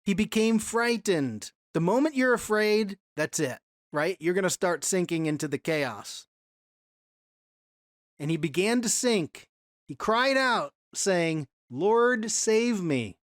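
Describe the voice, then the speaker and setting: A man's voice: high-pitched, animated, slow pace, no echo, clean studio sound. A man teaching a Bible lesson in a conversational way, reading scripture aloud with emphasis and asking rhetorical questions.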